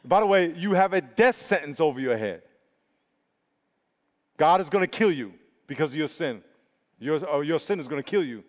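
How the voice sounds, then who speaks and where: A man's voice: on the high side, expressive. Preaching man in an echoing hall. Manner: emphatic preaching with drawn-out stresses and repetitions. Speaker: pastor. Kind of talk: sermon. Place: church sanctuary. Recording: long reverb of a large hall.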